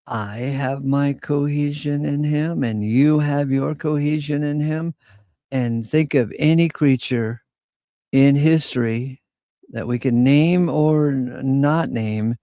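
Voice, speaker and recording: A man leads an informal Bible study, reading scripture slowly and breaking off into casual asides. His voice is low-toned, mellow and gravelly, and he speaks at an unhurried pace. The sound is dry and close, with no room echo. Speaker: Bible teacher.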